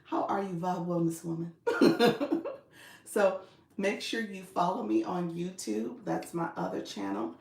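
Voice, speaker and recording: A woman's voice: medium pitch, a little slow, gravelly, darkish tone. Woman, live-stream coach, chatty, laughs often, echoey room. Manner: upbeat, laughs often, reads comments aloud. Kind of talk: casual live-stream chat with viewers.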